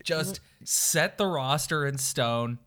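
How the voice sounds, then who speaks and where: A man's voice: fairly high pitch, animated, slow, pushed and bright. A man co-hosting a casual sports podcast, sounding stuffy and nasal from a cold, rambling with lots of fillers. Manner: rambling, filler-heavy, emphatic. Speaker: podcast co-host.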